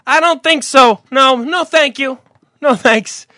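A man putting on the voice of a grumpy elderly man at a ballpark, dismissive and curt in a strained, high old-man tone. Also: slow pace, pushed and bright, dry recording, clean studio sound, heavily acted. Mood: smug.

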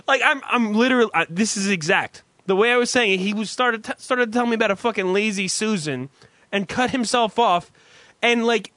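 A man casually telling a profane, animated story on a podcast. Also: high-pitched, moderate pace, no echo. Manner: profane, animated, self-mocking.

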